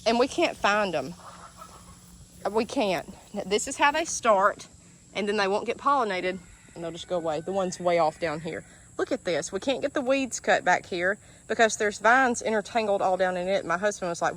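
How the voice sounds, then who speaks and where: Chickens and ducks carry on in the outdoor background as a Southern-accented homestead vlogger from Alabama walks viewers through her garden, chatting emotionally in a casual vlog. Her medium-pitched voice is animated and a bit bright, at normal speed.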